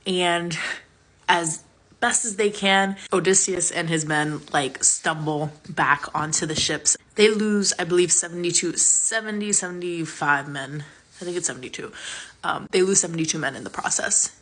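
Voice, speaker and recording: A woman's voice: lowish voice, moderate pace, fairly bright tone. A woman retelling an old myth in a chatty, sarcastic, casual way, with plenty of fillers. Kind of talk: casual storytelling.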